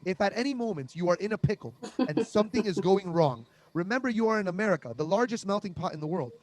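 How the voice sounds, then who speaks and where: A young man doing a conversational comic monologue, deadpan and absurd, with lots of fillers, over a video call. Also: high-pitched, fast talker. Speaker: comedian. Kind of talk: stand-up style comic monologue.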